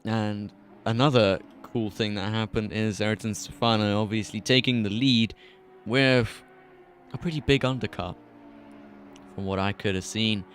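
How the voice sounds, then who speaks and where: A man's voice: lowish voice, fairly even intonation, normal speed, a bit bright, a little hiss or hum. A British man commentating a live sim racing broadcast from a commentary box, calling the action with jokey asides. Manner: chatty, jokey asides between race calls. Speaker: esports race commentator.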